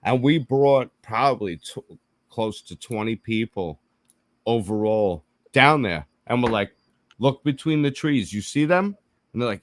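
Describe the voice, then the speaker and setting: A man's voice: medium pitch, moderate pace, no echo. A man telling a story in casual chat, swearing freely and acting out the quotes. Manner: profane, animated, acts out quotes. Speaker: podcast co-host.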